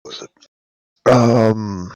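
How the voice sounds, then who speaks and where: A man's voice: fairly low pitch, fairly even intonation, drawn-out words, a little mellow, no room sound, lo-fi sound. A man playing in a tabletop game, chatting casually and sometimes hesitating as he searches for words. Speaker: player.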